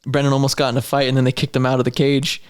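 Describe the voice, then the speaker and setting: A man's voice: medium pitch, monotone, racing, clean tone. A man from Idaho, an amateur mixed martial arts fighter, telling stories in a casual podcast chat, rambling and packed with "like.". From Idaho, USA. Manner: rambling storyteller, heavy use of "like". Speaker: amateur MMA fighter guest.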